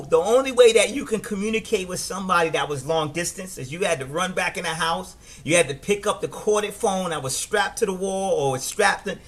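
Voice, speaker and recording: A middle-aged man with a New York accent, giving a casual, animated business training talk and often restarting his words. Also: high voice. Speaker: network marketing trainer.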